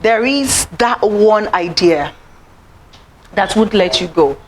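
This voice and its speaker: A woman speaks to a live audience in an animated, heartfelt way and slips into the voices of people she quotes. Her pitch is mid-range, and faint noise sits under the recording. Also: slow, low-quality recording. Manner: animated, acts out quoted voices, rising to high exclaims. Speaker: motivational speaker. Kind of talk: inspirational talk to a live audience. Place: event room.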